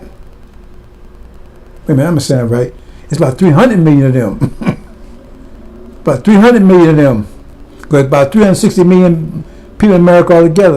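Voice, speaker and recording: A man preaching with blunt, impassioned force, firing question after question at his listeners. His voice sits a little high for a man, yet its tone stays dark and mellow. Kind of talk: fiery sermon.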